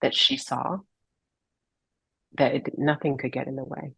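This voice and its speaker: Woman guest sharing her life story, earnest, searches for words, husky voice. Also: extremely low pitch, steady tone, a little slow, fairly bright tone, dry recording, low-quality recording. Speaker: podcast guest, holistic healer. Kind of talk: heartfelt personal story in a podcast interview.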